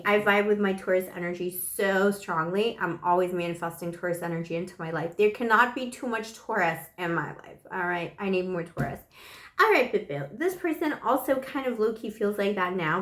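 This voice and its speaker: A woman doing a casual tarot reading, chatty and affectionate with many pet names, her voice hoarse and broken by a dry cough after the flu. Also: mid-range voice, a bit bright, echoey room. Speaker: tarot reader.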